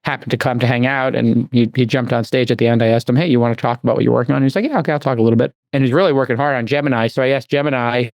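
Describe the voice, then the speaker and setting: A man hosting a podcast, rattling through rambling stories at a quick clip. His delivery is animated and chatty, with a dry, close studio sound. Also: mid-range voice, gravelly, no echo. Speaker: podcast host. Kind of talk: casual chat.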